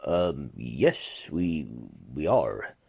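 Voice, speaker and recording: A man's voice: rumbling low, big pitch swings, extremely slow, vocal fry, a little mellow, husky, pitched below the performer's own voice, exaggerated voice. A man doing a flustered, stammering charity worker. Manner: stammering, surprised.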